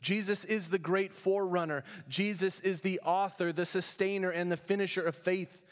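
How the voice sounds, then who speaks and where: A pastor from California preaching a sermon in a church, emphatic, with rhetorical questions and storytelling asides. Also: male voice, high voice, steady tone, normal speed, long reverb tail.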